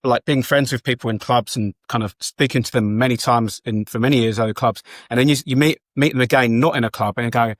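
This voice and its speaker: A man in his late forties from England, a guest on a podcast, talking in a relaxed, hesitant way with many pauses. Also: mid-range voice, no room sound, clean studio sound. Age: 40s. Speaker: guest, DJ and photographer. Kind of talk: casual interview chat.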